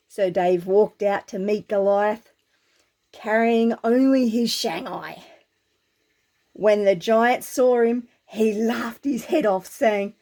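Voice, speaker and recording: A woman with an Australian accent reading a humorous story aloud, animated and full of slang. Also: mid-range voice, slow.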